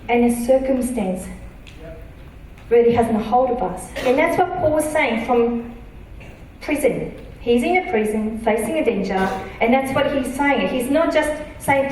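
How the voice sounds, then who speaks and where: A woman pastor preaching a sermon, earnest and emphatic, reading scripture slowly. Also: sits high, darkish tone, a little hiss or hum. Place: church auditorium. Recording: echoey church hall from a distance.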